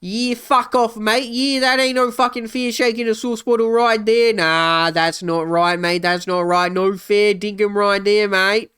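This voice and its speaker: A man putting on a brash, swearing Australian bloke with a mock Aussie accent and loud, rough slang. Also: high-pitched, fairly even intonation, measured pace, few pauses, voice pushed up. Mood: indignant. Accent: put-on Australian.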